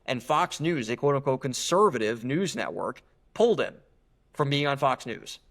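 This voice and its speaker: A young man talks as a guest on a podcast, earnest and emphatic. He often restarts his sentences as he builds a point. His voice sits at a middle pitch. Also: expressive, moderate pace, fairly bright tone. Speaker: guest author. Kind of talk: podcast interview.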